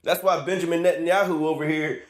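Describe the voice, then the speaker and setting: A man's voice: fairly high pitch, fairly even intonation, quick pace. A man reading scripture aloud and commenting on it with rising fervor, laughing often and ending lines with "man". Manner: preachy, laughs often, repeats "man" at line ends.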